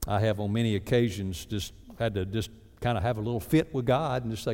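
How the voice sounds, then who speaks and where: A man preaching a sermon as a pastor, lively and acting out mock prayers in other voices. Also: fairly low pitch, a little fast. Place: church sanctuary. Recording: reverberant church sanctuary.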